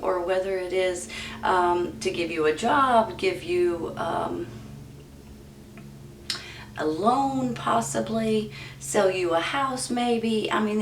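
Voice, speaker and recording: Woman tarot reader, low and gravelly, rambling and reassuring, recorded off-mic in an echoey room. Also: far from the mic, a little hiss or hum. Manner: chatty and reassuring, addresses viewers directly; loose and rambling with many "um"s. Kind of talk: casual tarot card reading. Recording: roomy echo, voice from off-mic.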